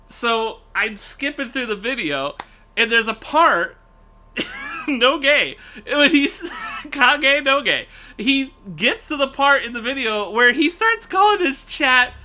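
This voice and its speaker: A man's voice: extremely high pitch, huge pitch swings, slow pace, sharp tone. A man streaming live, ranting casually and profanely to his chat, laughing often.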